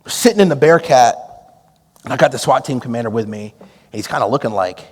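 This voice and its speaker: A man preaching a storytelling sermon, drawing on his time as a police negotiator and acting out the dialogue with lively energy. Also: mid-range voice, fairly quick, long pauses, breathy edge, big-room sound. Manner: animated, acts out quoted dialogue with laughs.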